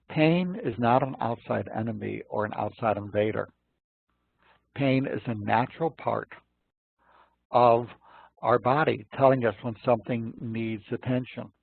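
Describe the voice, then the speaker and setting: Male health-talk host, husky gravelly voice, folksy storyteller, dry phone-line sound. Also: medium pitch, no room sound. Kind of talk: informal health lecture with anecdotes.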